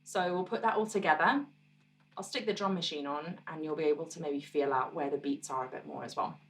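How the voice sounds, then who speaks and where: A woman musician teaching her own song on guitar, explaining parts in a relaxed, encouraging way and counting beats aloud. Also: deep voice, a little fast, distant mic, slight background noise.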